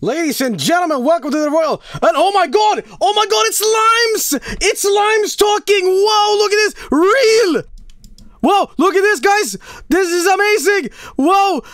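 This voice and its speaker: A man with a worn-out, hoarse voice doing shouted mock wrestling-announcer commentary on a stream. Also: very high-pitched, lively intonation, measured pace, no echo, studio quality. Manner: shouting, hyped announcer calls.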